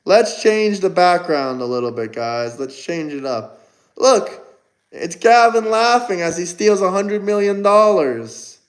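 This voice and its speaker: High-voiced, combative male livestreamer. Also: big pitch swings, unhurried, low-quality recording. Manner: combative, mocking replies to chat. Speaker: livestream host. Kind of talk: casual livestream chat.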